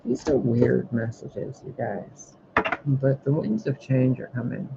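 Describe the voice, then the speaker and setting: Gravelly-voiced man reading oracle cards. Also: medium pitch, sing-song, takes it slowly, highs cut off, very noisy. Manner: musing, playful, talks to the cards. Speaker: tarot and oracle card reader. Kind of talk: livestream card reading.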